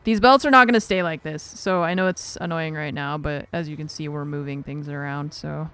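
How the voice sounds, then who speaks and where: Her voice sits low yet has a fairly bright, smooth tone, and she speaks fairly quickly. While playing a game on stream, she laughs a lot and keeps up relaxed, self-deprecating chatter with viewers and her cat.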